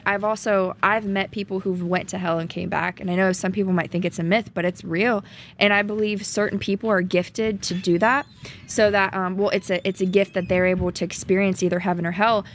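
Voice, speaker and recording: A woman's voice: medium pitch, a little hiss or hum. A young woman with a slight Southern accent, telling her story as a podcast guest in an earnest, chatty way with frequent ums. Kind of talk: casual storytelling chat.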